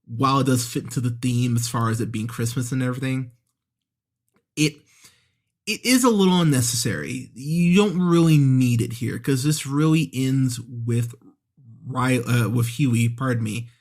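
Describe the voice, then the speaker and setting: With a medium-pitched, darkish voice at normal speed, this movie podcast host talks through an episode conversationally. He frequently fixes his sentences partway through, leans on fillers, and acts out characters' lines as he quotes scenes.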